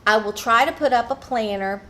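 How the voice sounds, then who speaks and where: A woman chatting casually while she shows a craft project at home, speaking warmly and rambling, recorded on a phone. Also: on the high side, fairly quick. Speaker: craft vlogger.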